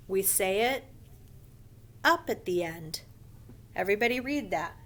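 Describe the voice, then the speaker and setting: Slow and patient, a woman's teacher voice guides first graders through grammar in a recorded online lesson. Every so often she murmurs a quick whispered aside to herself, and at times her pitch rises to model an excited sentence.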